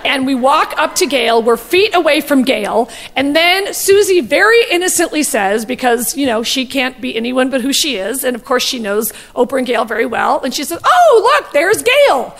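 High-voiced stand-up comedienne, brash gossipy delivery, fast. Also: female voice, lively intonation, a bit bright, in a large hall. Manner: rapid, gossipy, brash and profane.

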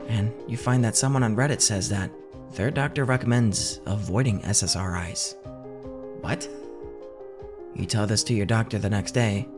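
A man giving scripted second-person horror narration in a measured, tense way. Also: lowish voice.

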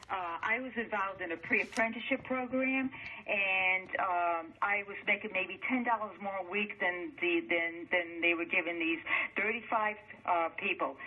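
A woman's voice: medium pitch, breathy edge. A middle-aged woman leaving a bitter, profane, repetitive voicemail rant. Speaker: voicemail caller. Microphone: telephone. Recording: tinny phone voicemail line.

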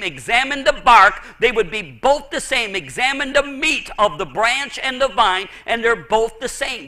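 A male pastor delivering an impassioned sermon in a strikingly high voice. His tone is sharp and ringing. He repeats and restarts words as he presses each point with emphasis. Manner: fervent preaching with frequent stammered repeats.

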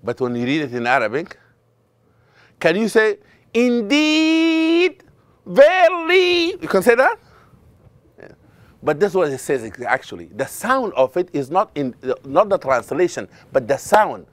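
A man's voice: medium pitch, very animated, normal speed, dry recording. A middle-aged man, an imam, teaching a class on Quran recitation, quizzing his students and breaking into chanted verses. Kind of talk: lively classroom lesson.

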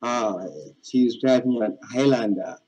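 A man talking on a casual phone call at a middle pitch. He speaks hesitantly and keeps calling her baby. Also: a little slow, darkish tone. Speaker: caller.

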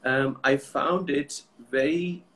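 A man's voice: fairly high pitch, fairly even intonation, slow, a bit bright, poor audio. A man hosting a live chat, speaking conversationally and restarting his sentences as he goes. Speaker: host.

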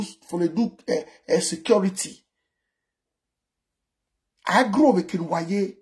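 A Nigerian man in his forties hosting a casual live stream, talking in an animated way and firing off repeated rhetorical questions. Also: sits high, a little slow, gravelly. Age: 40s. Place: indoors abroad, cold.

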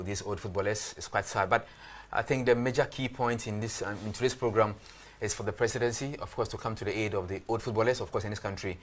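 Man, Ghanaian accent, sports TV host, rapid delivery, lowish voice, filler-heavy patter. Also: fairly bright tone. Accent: Ghanaian English. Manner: filler-heavy broadcaster patter, "of course" and "you know". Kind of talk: live TV studio interview.

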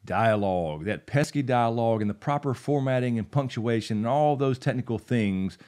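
A man's voice: mid-range voice, animated, moderate pace, a little mellow. A young man hosting a writing channel, explaining dialogue punctuation in a casual, upbeat way and reading short example passages aloud. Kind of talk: instructional video talk.

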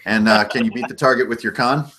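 A man's voice: medium pitch, fast talker. Chill guy game master narrating the scene, lots of "sort of". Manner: relaxed and conversational, with hedges like "sort of" and "kind of".

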